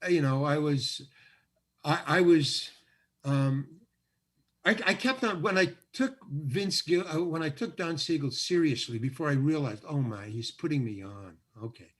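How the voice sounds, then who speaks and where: A man's voice: on the high side, measured pace, fairly bright tone. An older man acting as the guest, telling a story in an interview and acting out the lines of other people. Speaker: guest actor.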